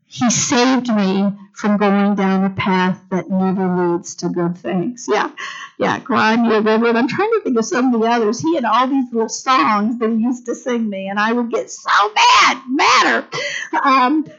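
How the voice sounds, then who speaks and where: A middle-aged woman teaching a Bible lesson in an animated sermon style, calling on the congregation to answer. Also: a little high, a little slow. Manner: animated, calls for congregation responses. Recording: dull lo-fi recording.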